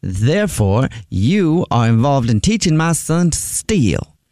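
Indignant radio host in a dry studio. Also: male voice, mid-range voice, sing-song, takes it slowly, warm tone, no echo. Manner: playing an indignant, oblivious parent. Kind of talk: radio prank call and call-in chat.

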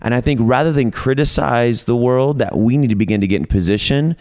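A middle-aged man telling a long, humorous story in casual group talk, acting out his own lines and others' with lively quotes. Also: mid-range voice, a little fast, dry recording. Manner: humorous, coins playful words. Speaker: podcast guest.

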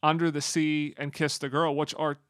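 A man with a fairly high voice chats casually as a podcast co-host, rambling and getting excited as he goes. His voice sounds close and dry, with no room around it. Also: normal speed, no room sound. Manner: enthusiastic, rambling, excitable bursts. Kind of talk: casual chat about a musical.

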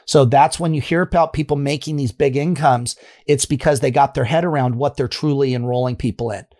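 A man's voice: mid-range voice, darkish tone. A man co-hosting a coaching talk, telling anecdotes and acting out the people in them. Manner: anecdotal, acts out quotes. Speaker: business coach co-host. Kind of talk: casual storytelling advice.

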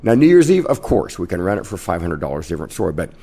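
A man in his fifties from Kansas, a casino host telling lively stories as a guest in a podcast interview. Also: deep voice, fast, creaky, husky. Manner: brash, animated anecdote-teller.

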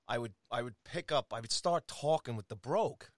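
A man's voice: mid-range voice, lively intonation, fairly quick, no echo, studio quality. A man from New York telling rambling, chuckling anecdotes in casual conversation, with many restarts.

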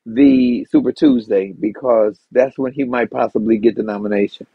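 Brief: blunt, wry man host, gravelly and husky, dry, dull lo-fi sound. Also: medium pitch, wildly swooping pitch, moderate pace, no echo. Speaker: podcast host. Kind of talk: casual political chat.

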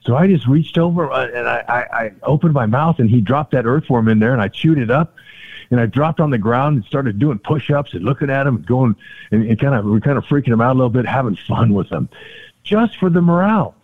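A man's voice: medium pitch, animated, brisk. An older man, a former ballplayer, telling stories as a podcast guest, acting out the quotes with big jumps in his voice. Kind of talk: storytelling in a casual interview. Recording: tinny phone-like line.

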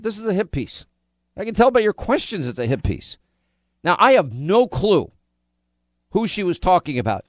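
A man at a studio microphone rants indignantly as a talk radio host, firing off one rhetorical question after another. His voice sits a little higher than most men's. The sound is close and dry, with no room around it. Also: dry recording.

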